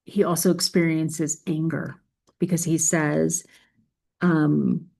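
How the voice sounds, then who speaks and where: Woman, low gravelly voice, earnest reflective faith talk mixing scripture reading with casual commentary. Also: flat delivery, slow pace, mellow, a little hiss or hum. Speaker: faith video creator.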